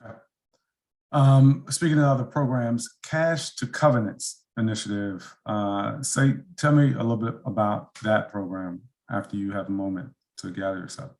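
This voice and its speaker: A man's voice: lowish voice, steady tone, normal speed, a little mellow. A man serving as a council member, politely questioning a witness at a hearing over a video call.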